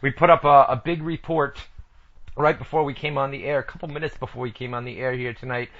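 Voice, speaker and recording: A man's voice: mid-range voice, fairly even intonation, fast talker, gravelly. A man hosting a wrestling radio show in loose, joking chat, with lo-fi internet radio sound. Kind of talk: casual chat.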